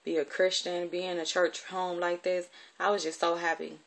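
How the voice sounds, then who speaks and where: A woman's voice: fairly low pitch, little pitch movement, normal speed, vocal fry, slight background noise. A woman telling a personal story from her childhood in a candid, conversational way, with plenty of profanity.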